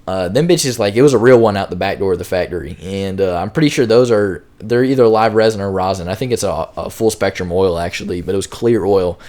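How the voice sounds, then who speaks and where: A man's voice: low-pitched, a little fast, few pauses, a little mellow. A young man casually telling a long, rambling storytime, full of slang and filler words. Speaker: storytime YouTuber.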